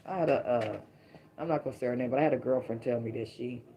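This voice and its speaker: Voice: medium pitch, quick pace, warm tone. A middle-aged tarot reader giving a casual, emphatic reading to viewers, full of rhyming catchphrases.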